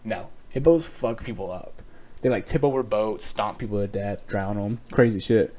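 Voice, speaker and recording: Young American male podcast host, lower voice, loose profane sarcastic rant. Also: normal speed, mellow. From United States. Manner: profane, rambling, sarcastic, laughs often.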